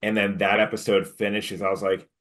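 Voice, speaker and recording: A man co-hosting a podcast, chatting casually and getting animated when retelling his reactions. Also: a little fast. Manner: animated retelling, pitch jumps when quoting himself. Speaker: podcast co-host. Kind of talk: casual chat.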